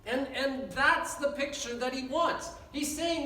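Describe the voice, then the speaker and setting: A man preaches with an unusually high voice, pressing his points through earnest repetition. He is heard from some distance in a church sanctuary, and the room's reverb hangs on every phrase. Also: measured pace, hardly any pauses, bright, forceful tone. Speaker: pastor. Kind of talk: sermon. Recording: echoey church hall from far off.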